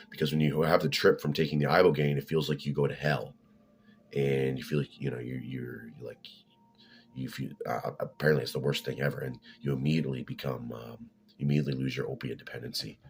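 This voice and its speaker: A man talking in a rambling, opinionated casual monologue, full of restarts and swearing. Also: extremely low pitch.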